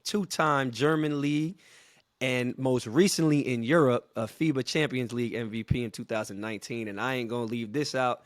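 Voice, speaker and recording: A man's voice: lowish voice, no room sound, clean studio sound. A man in his thirties hosting a podcast in a casual, joking way, a little sick and laughing often. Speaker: podcast host.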